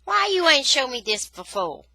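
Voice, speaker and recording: A woman reading aloud, voicing a weary, gentle father who speaks in a soft, low, measured way. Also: sing-song, dry recording, studio quality, full character voice. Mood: quiet, weary.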